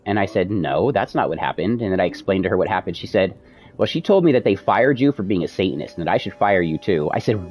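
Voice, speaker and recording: Streamer, young man, lowish voice, animated profane storyteller. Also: quick pace, husky. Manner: animated, profane retelling with quoted dialogue. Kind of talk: casual storytelling.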